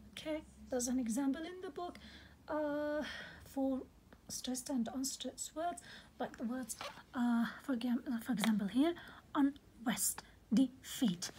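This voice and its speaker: High-voiced woman teaching a lesson. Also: warm tone, slight background noise, poor audio. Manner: patient, repeats key terms, peppered with "okay"; corrects herself mid-sentence. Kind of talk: lecture on poetry.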